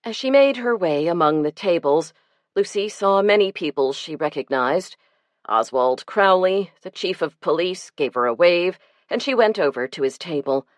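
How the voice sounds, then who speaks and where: A woman narrating a cozy mystery audiobook in a measured, even storytelling manner. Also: fairly low pitch, no echo.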